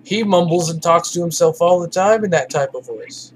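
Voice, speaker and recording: With a fairly high pitch, lively intonation and normal speed, this weary man plays a video game and offers rambling, opinionated commentary laced with profanity. There's slight background noise behind the casual let's play.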